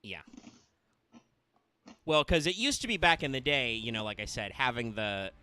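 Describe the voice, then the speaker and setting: A man's voice: medium pitch, sing-song, normal speed, bright, forceful tone, clean tone. A man hosting a casual gaming stream, rambling and joking as he reads card stats aloud. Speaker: stream host going over cards.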